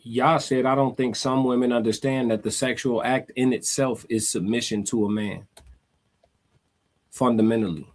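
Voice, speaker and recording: A man's voice: medium pitch, steady tone, moderate pace. A man co-hosting a talk show in a laid-back, casual way, reading viewer comments aloud and adding short reactions.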